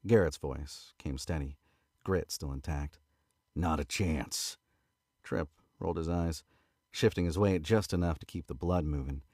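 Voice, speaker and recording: Australian man, very low voice, casual book reading, close dry sound, fixes his slips as he goes. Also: normal speed, no echo. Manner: relaxed, stops to correct misread words. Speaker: narrator reading a novel aloud. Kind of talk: casual read-aloud narration.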